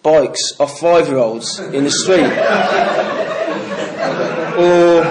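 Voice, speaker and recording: A man's voice: on the high side, very slow, a crowd in the background, background noise. Candid swearing man from the Midlands. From English Midlands. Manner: candid, swearing, storytelling with laughs. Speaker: recovery speaker. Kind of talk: personal testimony to a meeting.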